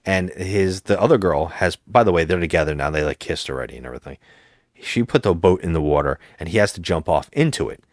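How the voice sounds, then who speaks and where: A man's voice: deep voice, animated, quick pace, no room sound, clean studio sound. A man co-hosting a movie podcast, retelling a film's plot in casual chat and acting out the characters' lines. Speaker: podcast co-host.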